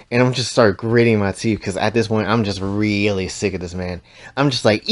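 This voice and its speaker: A man's voice: lowish voice, fairly even intonation, normal speed. A man casually narrating a self-insert story, rambling in laid-back crude slang.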